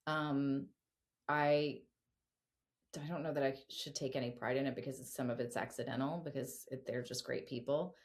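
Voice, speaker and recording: A middle-aged woman as a podcast guest, chatting casually in an animated way, with lots of fillers and some swearing. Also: a bass voice, normal speed. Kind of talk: casual interview chat.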